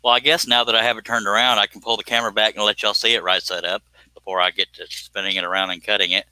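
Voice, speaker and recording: A man's voice: on the low side, flat delivery, quick pace, bright, forceful tone, clear, resonant tone, no echo, low-quality recording. A man, hosting a live stream and chatting casually while he works, rambling and self-deprecating.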